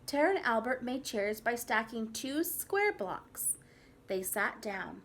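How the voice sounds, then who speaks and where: A preschool teacher, a woman, reading a picture book aloud to children in an expressive way, stopping to ask them questions. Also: a little high, takes it slowly. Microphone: video recording for a class.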